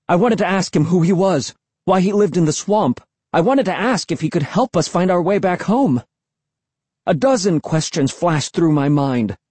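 A man narrating a first-person suspense story, reading expressively and dropping to a hush for tense moments. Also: on the high side, breathy edge, no echo. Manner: expressive, hushed for suspense, raised for shouts. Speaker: audiobook narrator.

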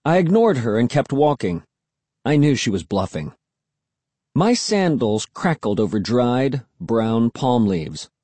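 A man reads a first-person children's story with an animated, rising and falling delivery. His tone is mellow and a bit husky. The recording is dry and close, with no room sound. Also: medium pitch, no echo. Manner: expressive, animated. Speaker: audiobook narrator. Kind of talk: scripted first-person narration.

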